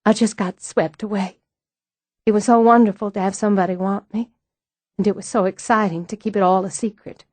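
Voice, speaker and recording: A woman voicing a fragile, ashamed young woman in an audiobook, with a halting, emotional delivery. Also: medium pitch, fairly even intonation, a little mellow, dry recording, close to an everyday voice. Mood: distraught. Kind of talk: audiobook dialogue.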